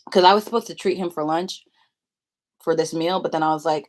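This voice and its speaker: Chatty young woman with a lowish voice. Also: steady tone. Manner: chatty, rambling, quick to giggle. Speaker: vlogger. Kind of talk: casual storytime chat.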